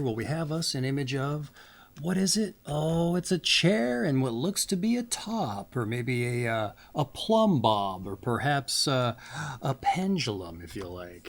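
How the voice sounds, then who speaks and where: A man hosting a birthday reading show in a casual, rambling, folksy way. He makes playful asides and keeps coming back to a catchphrase as he reads from a book. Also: mid-range voice. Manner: rambling, folksy, often says "that's right". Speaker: host of a birthday reading channel.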